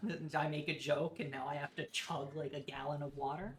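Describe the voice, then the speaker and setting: A woman's voice: sits low, flat delivery, fairly quick. A woman streamer chatting casually and playfully while gaming, swearing freely and laughing often.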